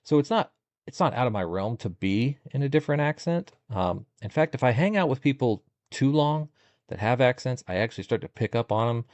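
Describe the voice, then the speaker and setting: A middle-aged man, a podcast guest, chatting casually and telling jokey stories with sudden animated jumps in pitch. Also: a little fast, no echo. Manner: jokey, animated storytelling with bursts of higher pitch. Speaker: podcast guest, content creator. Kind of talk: casual interview chat.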